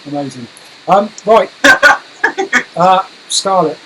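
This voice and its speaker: A man's voice: a little high, lively intonation, extremely slow, heavy background noise. A British man hosting a casual online show, chatty and full of fillers. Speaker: host. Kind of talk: casual chat.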